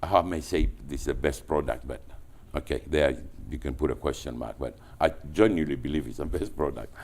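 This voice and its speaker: A man from Greece with a Greek accent, telling business anecdotes as a guest, animated and full of restarts. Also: very deep voice, fairly quick, vocal fry, slight background noise. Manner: animated, with frequent restarts and repetitions. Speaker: entrepreneur guest. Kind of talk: anecdotal storytelling.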